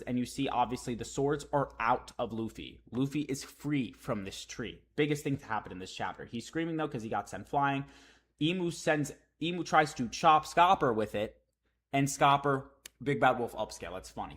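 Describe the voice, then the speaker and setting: A man reading a comic chapter on a live stream and reacting with excited, profane commentary. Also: mid-range voice.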